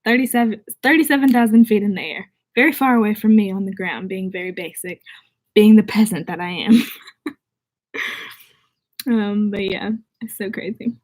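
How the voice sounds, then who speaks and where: A woman's voice: mid-range voice, moderate pace, pauses often, darkish tone. A young woman from the southern United States without a Southern accent, chatting casually and bubbly on a livestream as she reads viewer comments. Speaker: vlogger.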